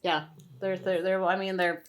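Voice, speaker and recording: A woman's voice: on the low side, level tone, normal speed, a little hiss or hum. A woman co-hosting a casual book club podcast, animatedly retelling the plot and acting out characters' lines. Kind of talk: casual chat.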